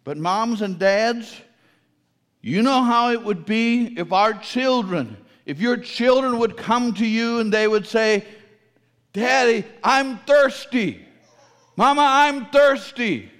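A man with a high voice delivers a sermon. He asks his listeners questions and repeats phrases for emphasis. His voice rings out with a long reverb in a large hall. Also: slow pace. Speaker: preacher.

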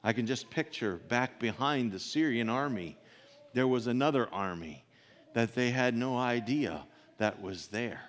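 A man preaching a sermon, reading scripture and then expounding it, with rhetorical questions and soft asides. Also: medium pitch, expressive, measured pace, in a large hall.

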